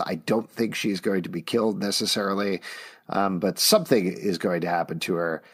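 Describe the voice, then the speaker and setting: A man's voice: low voice, a little fast, slightly rough. A man in his thirties, co-hosting a podcast, talking eagerly and often chuckling in casual discussion. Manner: animated, enthusiastic, chuckles often. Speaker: podcast co-host.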